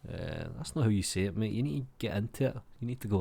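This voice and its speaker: A man's voice: on the low side, fairly quick, gravelly, few pauses, dark tone. Laid-back man with a cold. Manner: laid-back, swears freely, says mate a lot. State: has a cold. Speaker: YouTube creator. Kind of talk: casual chat reading viewer comments.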